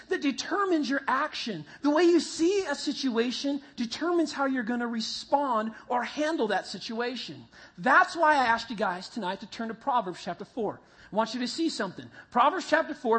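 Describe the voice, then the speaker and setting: A man preaching to a group, telling a vivid, animated story that builds toward a Bible lesson. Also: very high voice, breathy edge. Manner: animated storyteller, acts out voices and sounds. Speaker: youth pastor. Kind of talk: sermon with a told story. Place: meeting room with a live group.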